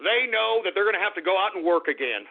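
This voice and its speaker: High-pitched gravelly radio host guy ranting and gloating, sounds like a tinny phone line. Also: sing-song, fast. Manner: gloating, mocking, shouting and cackling. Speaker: radio talk show host. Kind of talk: ranting talk radio monologue.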